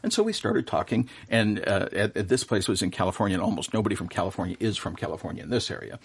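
Low, husky-voiced middle-aged man, an earnest, rambling storyteller in a radio studio. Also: fast. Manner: warm, earnest storyteller with many fillers and restarts. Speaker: professional Santa performer, radio guest. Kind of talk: casual storytelling in an interview.

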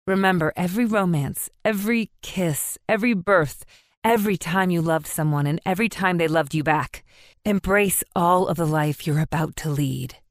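A woman playing a brisk healer in an audiobook, a cool, detached woman whose lowish voice stays quick and to the point while soothing. The reading is dry and close. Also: dry recording, lightly acted.

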